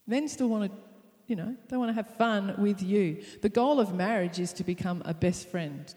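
A woman's voice: medium pitch, normal speed, darkish tone, long reverb tail. A woman preaching to wives in a playful, upbeat way, with laughs along the way. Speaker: pastor's wife. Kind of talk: sermon on marriage.

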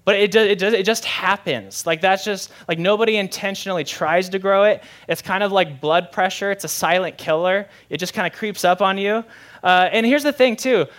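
A man's voice: sits high, moderate pace, a bit bright. A young adult man, a pastor preaching a sermon in a conversational, candid way with self-deprecating humor.

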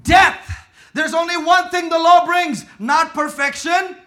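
High bright preacher guy, goes quiet then shouts, calls on the church to answer back. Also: steady tone, a little slow. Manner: emphatic, call-and-response, drops to quiet then shouts. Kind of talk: sermon. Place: church with congregation.

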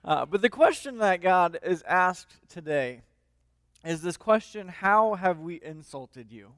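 A lead minister preaching a sermon in a conversational way, with frequent fillers and restarts, and reading scripture aloud. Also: male voice, high voice, animated, slow, fairly bright tone, no echo.

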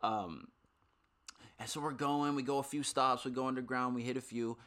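A young adult man and podcast co-host, telling a story in an animated, casual way full of fillers and swearing. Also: mid-range voice, moderate pace.

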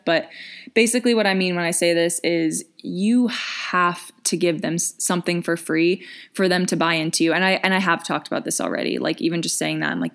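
Young female coach, slightly low voice, casual and chatty, filler-heavy vlog delivery. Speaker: business coach.

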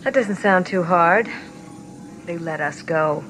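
A poised, commanding princess. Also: female voice, lowish voice, over music. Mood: cool. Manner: crisp, brisk, cool. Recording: old film soundtrack with hiss.

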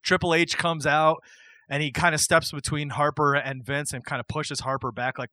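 A podcast host with a bright, forceful voice on the high side tells an excited wrestling story at normal speed during a casual chat. His intonation is lively, he acts out the quotes and laughs often, and there's no echo.

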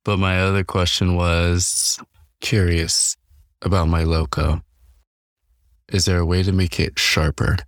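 A man co-hosting a podcast in casual chat, playful and quick to laugh. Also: low voice, level tone, no room sound, clean studio sound. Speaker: podcast co-host.

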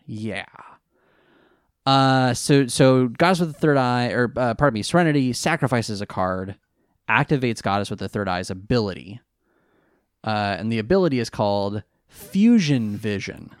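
A man co-hosting a podcast in casual chat, recapping an episode in a rambling, hesitant way and jumping up in pitch on excited questions. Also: unhurried, clean tone, no echo, clean studio sound. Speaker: podcast co-host recapping an anime.

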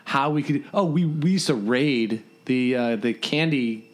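A man's voice: medium pitch, measured pace. A man in his forties, a podcast guest, telling old camp stories in a casual chat, laughing often and filling gaps with ums. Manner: animated storyteller, laughs through anecdotes, many fillers. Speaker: podcast guest, former camper and counselor.

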